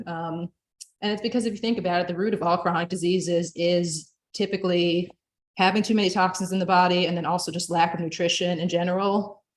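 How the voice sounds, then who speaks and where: Young woman presenter, lowish voice, casual and chatty. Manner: chatty, frequent filler words.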